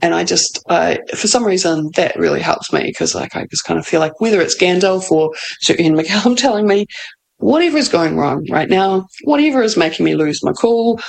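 A woman's voice: lowish voice, gravelly, low-quality recording. A woman giving casual advice in a chatty way, laughing often and peppering her talk with "like".

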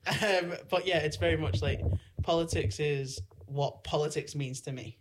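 A man's voice: on the high side, normal speed, a little hiss or hum. A man co-hosting a podcast, casual and light-hearted, laughing as he talks. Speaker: podcast co-host. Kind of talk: casual interview chat.

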